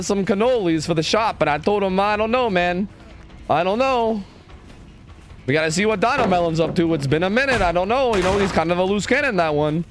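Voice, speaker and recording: A man's voice: sits high, background noise, pitched above the performer's own voice, natural voice. A man voicing a brash New York Italian wiseguy with a put-on New York Italian accent and tough-guy patter.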